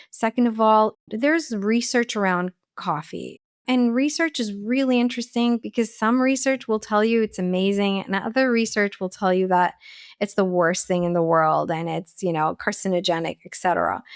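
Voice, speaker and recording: A woman's voice: mid-range voice, clear, resonant tone, dry recording, clean studio sound. A woman, a holistic nutritionist and life coach, giving earnest, practical advice as an interview guest, with a sprinkling of "like" and "you know".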